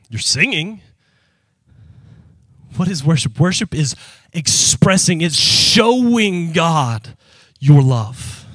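A pastor preaching a sermon in church, animated and emphatic, calling out to the congregation and breaking into shouts. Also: male voice, a little high, no echo. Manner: animated call-and-response preaching.

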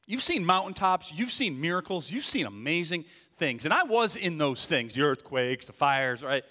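A man preaching with lively, swooping intonation and a bright, forceful tone. He sometimes drops to a near whisper for emphasis, and his voice rings with the long reverb of a large hall. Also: fairly high pitch, normal speed. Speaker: pastor. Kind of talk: sermon.

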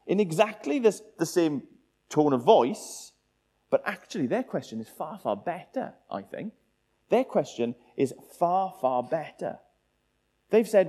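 A man's voice: medium pitch, sing-song, measured pace, warm tone. A man preaching a sermon, asking the listeners many rhetorical questions.

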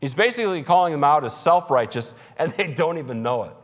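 A man's voice: fairly high pitch, lively intonation, fast talker, long reverb tail. A man preaching a sermon as pastor, emphatic and conversational, with humorous asides. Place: church.

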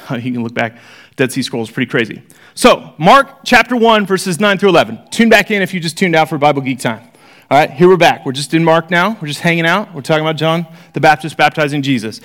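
High-voiced man teaching Bible study. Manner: animated, reads scripture aloud with rising emphasis; chatty and informal, many asides to listeners.

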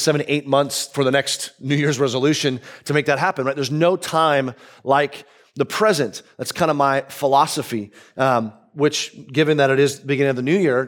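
Male pastor, stuffy nasal cold, easygoing joking sermon, mid-pitched voice. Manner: relaxed, joking, many ums. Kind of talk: casual sermon. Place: church auditorium.

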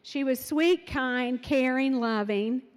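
A middle-aged woman telling parenting stories in an animated way, acting out what her children said. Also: sits high, slow pace, in a large hall. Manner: animated, acts out quotes of her kids. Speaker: speaker sharing parenting stories. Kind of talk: storytelling talk.

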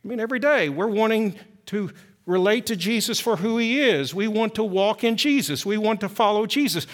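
A man preaching from the pulpit with a high, lively voice that swoops up and down. He presses his points with rhetorical questions and sinks to a near-whisper to land key phrases. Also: a little fast. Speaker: pastor. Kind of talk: sermon.

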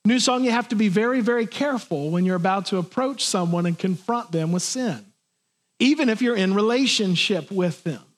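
Pastor, male, high voice, earnest sermon delivery. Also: fairly quick. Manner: earnest preaching, acts out imagined voices.

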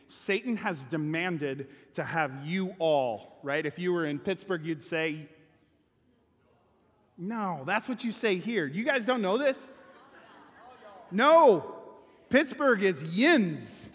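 A man preaching a sermon as pastor, swinging between loud stressed words and hushed, quiet passages. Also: fairly high pitch, long reverb tail.

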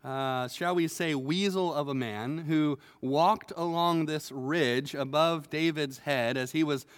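High-voiced preacher with a clear tone. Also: male voice, slow. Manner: earnest storytelling, animated with occasional stammered restarts. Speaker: pastor. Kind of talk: sermon. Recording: long hall reverb.

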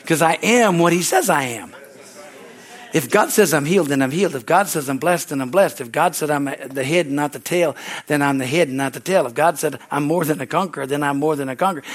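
Southern pastor guy preaching hard at church, high voice, throws in amens and hallelujahs. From Southern United States. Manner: fervent preaching with call-and-response asides. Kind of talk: sermon. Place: church service.

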